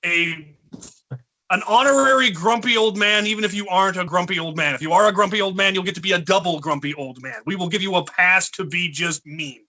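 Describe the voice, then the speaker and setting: A man with a high, very bright voice, joking his way through a charity livestream. He keeps up a playful, hammy banter and pushes for donations. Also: brisk. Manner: playful, hams up a mock Russian voice. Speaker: charity stream co-host.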